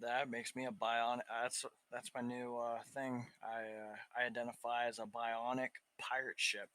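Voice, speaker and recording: A man's voice: medium pitch, level tone, normal speed, pushed and bright. A man co-hosting a podcast, talking in crude casual banter, swearing and joking, often laughing at his own bits. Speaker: podcast co-host.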